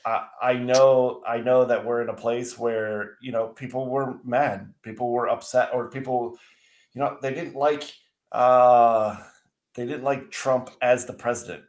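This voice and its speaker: A man in the middle of a heated political rant, swearing as he goes and tripping over his own restarts. His voice sits at an ordinary pitch and carries a roomy, echoey ring from the space around him. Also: fairly even intonation, unhurried. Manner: ranting, swearing, frequent restarts. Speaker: podcast co-host. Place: indoors, seated at a desk.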